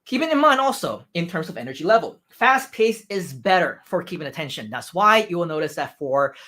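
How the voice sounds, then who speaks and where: A man giving a livestream lesson on public speaking. His pitch swings widely and his energy runs high. He keeps tagging his points with "right?" and "you feel me?". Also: sing-song, a little fast, bright, forceful tone. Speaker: speaking coach. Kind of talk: livestream training talk.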